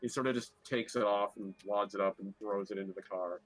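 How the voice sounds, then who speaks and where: A man's voice: on the low side, fairly even intonation, brisk, a bit bright, dry recording, poor audio. A man playing a tabletop game, narrating his character's actions with many hesitations. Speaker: player.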